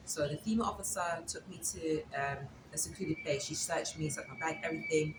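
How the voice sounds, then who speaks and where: A woman's voice: sits low, fast, few pauses. A woman as an interview guest, casually telling a story and acting out the dialogue. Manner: retells events with quoted dialogue. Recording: echoey room with background noise.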